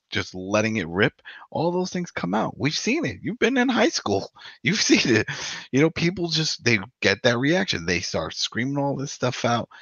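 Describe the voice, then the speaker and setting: A man co-hosting a podcast in casual discussion, rambling and animated, with frequent "you know". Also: fairly low pitch, no room sound. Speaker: podcast co-host. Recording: dull lo-fi dry sound.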